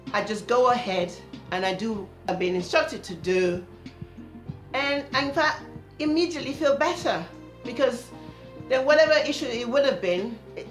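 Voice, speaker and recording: A woman telling a personal story to camera in a casual, earnest vlog, quietly voicing her inner voice as she goes. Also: medium pitch, reverberant. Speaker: vlogger.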